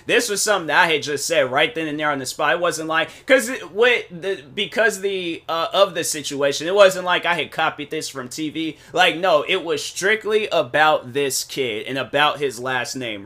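A young man telling a long story on his podcast in a loose, meandering way, circling back again and again with "so anyways." His voice sits a little high for a man and sounds bright and forceful. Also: animated, moderate pace, few pauses. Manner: rambling, with many restarts and "so anyways" asides. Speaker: podcast host. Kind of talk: casual storytelling monologue.

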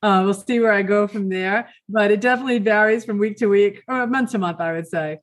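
A woman's voice: medium pitch, fairly quick. A woman co-hosting a podcast, chatting casually with fillers. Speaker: podcast co-host. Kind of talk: casual chat.

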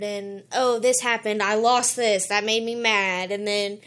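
A woman's voice: mid-range voice, steady tone, measured pace, fairly bright tone. A woman in her twenties talking in casual chat, earnest, with many "like" and "um" fillers as she tells her testimony. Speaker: guest sharing her testimony.

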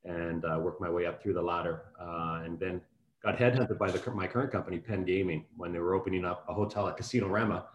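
A man's voice: sits low, fairly even intonation, fast, muffled recording, a little hiss or hum. A man in his fifties, a guest in an interview, talking in a friendly, rambling way with many restarts. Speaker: guest, hotel executive. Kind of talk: casual interview talk. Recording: echoey room.

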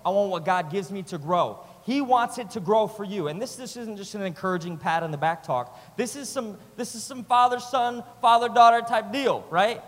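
A man preaching a sermon with passion, swinging between loud urging and quiet, close moments, using repetitive rhythmic phrasing. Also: high voice, normal speed, hardly any pauses. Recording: long hall reverb.

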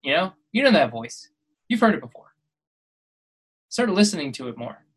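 A man's voice: fairly high pitch, sing-song, normal speed, breathy edge, rough recording. A man talks straight to his podcast listeners in a motivational monologue. He preaches and exhorts, and he keeps pushing his voice up to emphatic peaks. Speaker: podcast host.

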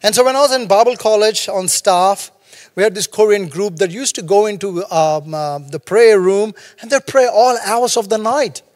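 A pastor preaches a sermon in a high voice at a moderate pace, with a long reverb tail on the sound. His preaching is humorous and conversational, and he jokes between stories and adds storytelling asides.

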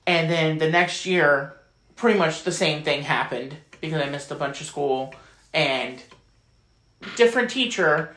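A man's voice: fairly high pitch, measured pace, a bit bright. A man co-hosting a podcast, telling candid school stories in a stop-start, casual way. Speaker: podcast co-host. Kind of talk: casual chat. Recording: echoey room.

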